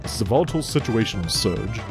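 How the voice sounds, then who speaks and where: A man voicing a composed masked male magician who speaks in a low, measured way. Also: animated, over music.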